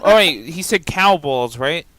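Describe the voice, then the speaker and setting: A man's voice: on the high side, expressive, unhurried, crowd noise, poor audio. A man co-hosting a talk radio show, chatty and hesitant, with many restarts. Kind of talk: casual talk-radio chat.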